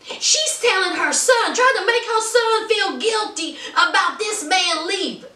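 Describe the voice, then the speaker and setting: A woman's voice: very high-pitched, lively intonation, unhurried, bright, forceful tone, far from the mic. A woman reviewing a reality TV show in a casual vlog, ranting with emphasis and calling her viewers honey. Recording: roomy sound from off the mic.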